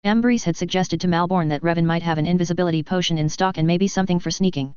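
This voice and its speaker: A woman reading a fan fiction story aloud in a plain, steady way. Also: fairly low pitch, rapid-fire, clean tone, no echo, muffled recording.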